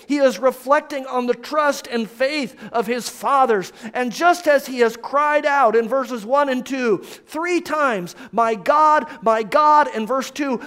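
A man preaching a sermon, reading scripture aloud and explaining it deliberately, dropping to a hush on somber lines. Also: very high voice, smooth. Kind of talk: expository sermon.

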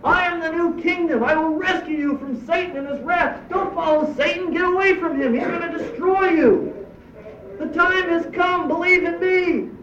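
A man's voice: very high voice, moderate pace, fairly bright tone, a little hiss or hum, pitched above the performer's own voice. A man preaching who voices Jesus as a stern, commanding man, with urgent, emphatic proclaiming. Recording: echoey distant dull church recording.

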